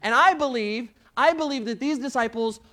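Male pastor, high-pitched, animated sermon storyteller who acts out the quotes. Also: moderate pace.

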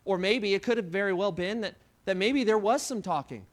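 Man, high voice, pastor preaching, repeats words, hushed then booming. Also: brisk. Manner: dramatic retelling, swings from hushed to loud; repeats words and restarts often. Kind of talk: sermon.

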